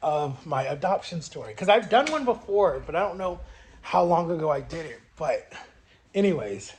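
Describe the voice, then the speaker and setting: High-voiced young man telling a story. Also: very animated, moderate pace, a little hiss or hum. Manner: chatty, rambling retelling full of "like" and "right?". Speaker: vlogger. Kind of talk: casual storytelling to camera.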